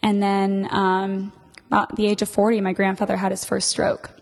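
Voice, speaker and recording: Lively woman storyteller, mid-pitched, chatty and quick to laugh, long hall reverb. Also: creaky. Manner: lively, laughs often, does voices. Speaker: storyteller guest. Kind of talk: casual podcast chat.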